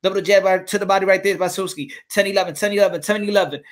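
A man calling a boxing fight live as channel host, excitable, repeating his calls and swearing. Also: sits high, very fast.

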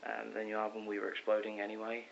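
A teenage boy vlogging from his bedroom, rambling excitedly with lots of ums and self-corrections. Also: lowish voice, fast talker, vocal fry. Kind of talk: casual rambling vlog. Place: bedroom at home. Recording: dull lo-fi with faint hiss.

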